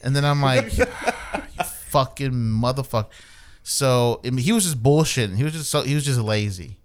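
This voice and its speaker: Young man, smooth clear voice, casual storytelling, swears a lot, acts out quotes. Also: mid-range voice, expressive, fast talker. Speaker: storyteller in a group chat.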